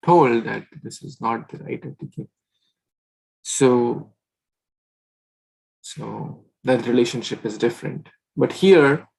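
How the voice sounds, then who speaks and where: This is a man leading a scripture reading group. His teaching is relaxed and chatty, and he often turns to the listeners to check they are following. His mid-pitched voice has a gravelly texture. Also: low-quality recording. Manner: chatty, keeps asking "right?". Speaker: scripture class leader.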